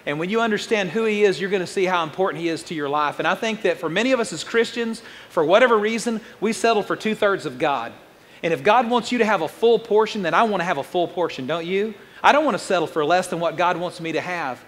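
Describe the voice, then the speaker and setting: Man, pastor, sermon, quick and jokey, high-pitched, long hall reverb. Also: a bit bright. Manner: fast-talking, jokey and conversational.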